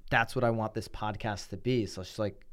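A man with a Connecticut accent hosting a podcast in casual conversation, often mimicking other people in quick asides. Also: lowish voice, fairly even intonation, a bit bright. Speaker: podcast host.

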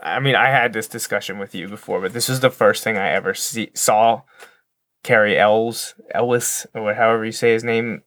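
A man's voice: fairly low pitch, fairly even intonation, moderate pace, fairly bright tone, dry recording. A man co-hosting a casual podcast, talking while watching a movie, rambling with many restarts. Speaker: podcast co-host.

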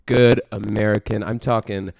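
Texas-raised male podcast co-host, low gravelly voice, rambling self-deprecating banter, dry close sound. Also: steady tone, moderate pace, darkish tone, no room sound. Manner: rambling, self-mocking, many fillers and restarts. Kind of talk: casual music podcast chat.

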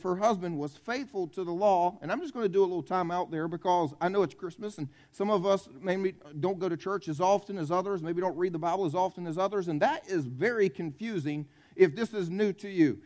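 A man's voice: sits high, a little mellow. A man from South Carolina, preaching a folksy, conversational Christmas Eve sermon in a church. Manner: conversational, folksy, jokes with the congregation. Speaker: pastor.

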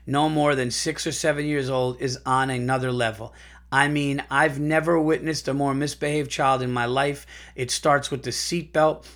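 Man, podcast host, reads listener stories, casual profane chat, animated, middle pitch. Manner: animated, profane, laughs while reading.

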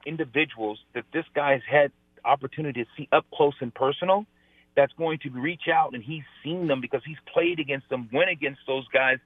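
Phoning into a sports radio show, a former pro football player speaks emphatically, repeating his points and saying "I tell you" again and again. His voice is fairly high and a little fast, coming through a tinny phone line with no room sound.

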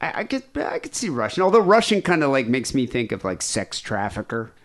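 A man's voice: mid-range voice, sing-song, a little fast. A man hosting a podcast in casual chat, rambling and self-deprecating, with a somewhat nasal voice. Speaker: podcast host.

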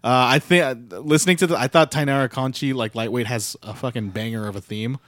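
A man's voice: mid-range voice, fast, a bit bright, dry recording, clean studio sound. A young man co-hosting a casual podcast, recapping a show in a rambling, filler-heavy way with sarcastic asides. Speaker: podcast co-host recapping wrestling. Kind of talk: casual chat.

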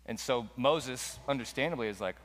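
Male preacher, relaxed conversational delivery, recorded with a long echo in a large church hall. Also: mid-range voice, moderate pace. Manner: casual conversational storytelling. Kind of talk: sermon.

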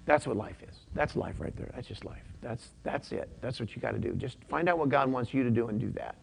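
A man's voice: medium pitch, lively intonation, a little fast, creaky, slight background noise. A pastor delivering a conversational sermon, often repeating his points and using casual slang.

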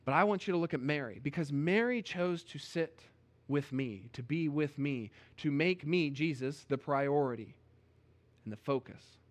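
A man voicing a calm, patient male teacher who gently redirects a worried woman, as an acted quote in a sermon. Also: fairly high pitch, moderate pace, natural voice. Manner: calm, soothing.

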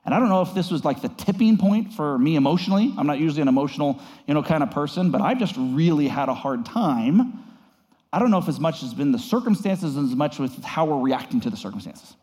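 A man pastoring a congregation, giving an earnest devotional message, halting with fillers and rising higher on key words. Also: animated, a little mellow, big-room sound.

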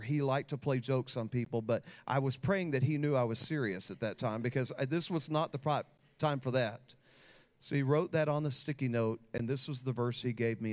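Man preaching a heartfelt sermon. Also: medium pitch. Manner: storytelling with rising emotional intensity. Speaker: pastor.

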